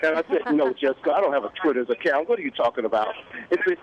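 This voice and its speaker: A man in his fifties, a guest on a morning talk show, telling a story in an animated way and acting out the voices of the people in it. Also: on the high side, racing, lo-fi sound. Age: 50s. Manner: animated, acts out quoted dialogue. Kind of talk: casual interview storytelling.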